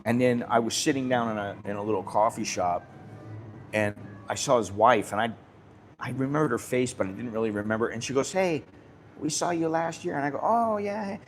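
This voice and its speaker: A man's voice: on the low side, a little fast, soft background music. An American man hosting a casual live stream, talking bluntly in a rambling way and swearing freely. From United States.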